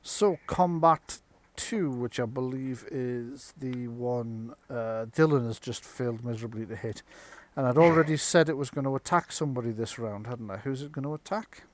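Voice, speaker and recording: A man narrating as game master of a live-streamed tabletop game, halting with ums while he tallies dice and describes the fight. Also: medium pitch, dry recording. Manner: halting, full of ums and restarts while tallying rolls.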